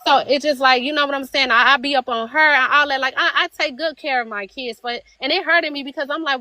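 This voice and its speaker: A high, bright woman from Chicago speaks as an interview guest. She pleads her case in a halting, heartfelt way, stumbling over and repeating her words. Her voice sounds dry and close, with little room sound. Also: no room sound, poor audio. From Chicago, USA. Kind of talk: emotional live-streamed interview.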